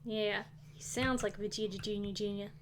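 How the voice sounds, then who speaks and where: A woman's voice: medium pitch, level tone, moderate pace, slight background noise. A woman streaming a game, casually chatting, exasperated and swearing as she scolds the characters. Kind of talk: casual live gameplay chat.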